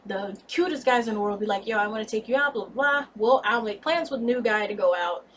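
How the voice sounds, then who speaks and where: A young woman in her twenties telling a candid, blunt storytime vlog about a breakup, expressive and cursing freely. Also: medium pitch, a little fast, far from the mic. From United States. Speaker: vlogger.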